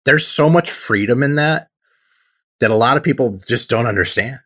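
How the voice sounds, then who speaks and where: A man's voice: medium pitch, normal speed, a bit bright. A man in his forties, a tattoo artist, giving a heartfelt personal testimony in an interview, acting out what he once said. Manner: earnest storytelling, acts out his own past lines.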